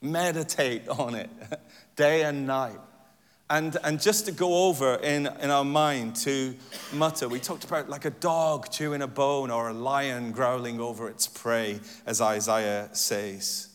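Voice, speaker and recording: A man preaching a sermon, repeating scripture lines and stressing different words in turn in a gentle, reflective teaching tone. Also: mid-range voice, measured pace, smooth. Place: church hall. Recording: long church-hall reverb.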